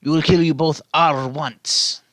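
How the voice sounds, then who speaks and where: A man's voice: on the high side, fairly even intonation, a little slow, a bit bright, no room sound, studio quality, voice pushed up. A man voicing a menacing, boastful male villain with a put-on Russian-style accent. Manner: snarling threats, mock Russian accent.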